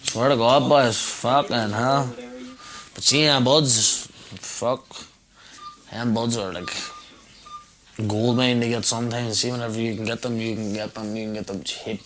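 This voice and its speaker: A man's voice: medium pitch, fairly even intonation, measured pace, long pauses, a crowd in the background, rough recording. A man in a documentary interview clip, rambling and swearing as he talks.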